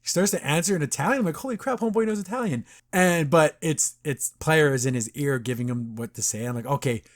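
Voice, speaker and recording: A man's voice: mid-range voice, fairly even intonation, a little fast. A young man hosting a podcast, recapping a cartoon episode in a chatty, enthusiastic way and acting out the characters' lines. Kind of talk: casual recap commentary.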